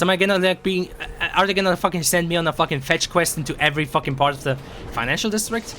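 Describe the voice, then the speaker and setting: A hoarse young man from Sweden, rambling excitably and swearing while commenting on a game he streams. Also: on the high side, fast talker. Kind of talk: casual gameplay commentary. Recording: stream mic with game noise behind. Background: game sounds.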